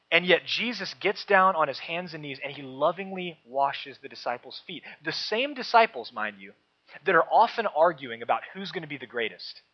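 A man preaching a sermon to a congregation, emphatic and rising, then dropping into soft low asides. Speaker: pastor. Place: church. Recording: dull lo-fi sound.

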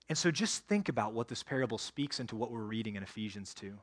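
A man's voice: medium pitch, expressive, quick pace, few pauses, breathy edge. A male pastor preaching a sermon, earnestly addressing the congregation directly.

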